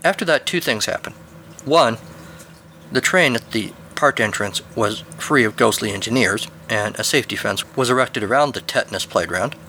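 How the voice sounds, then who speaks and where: A man narrating a story for his podcast in a middle-pitched voice with a bright, crisp edge. His delivery is dry and wry, measured like a reading. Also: slight background noise.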